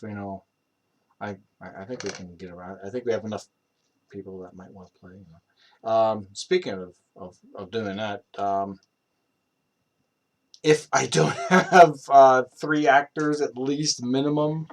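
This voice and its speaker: A young man on a live stream who rambles casually, with many fillers and restarts. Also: medium pitch. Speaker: streamer practicing accents.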